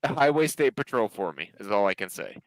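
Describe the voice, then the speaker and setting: A man on a casual group stream, loud, profane and quick to tease the others. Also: lowish voice, very animated, slight background noise, rough recording. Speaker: regular of a news hangout stream. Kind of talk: casual chat.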